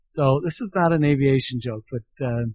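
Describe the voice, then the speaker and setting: A man's voice: mid-range voice, normal speed, a little mellow, no room sound. An older man and grandfather co-hosting an aviation podcast in casual chat, joking and sounding out radio call signs. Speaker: podcast co-host.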